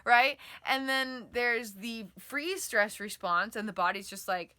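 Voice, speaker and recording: Recorded dry, this slightly high, bright, forceful female voice moves slowly through an online lesson about the nervous system. The speaker, who educates on trauma and the nervous system, leans heavily on "like" and "um" and occasionally acts out inner voices theatrically.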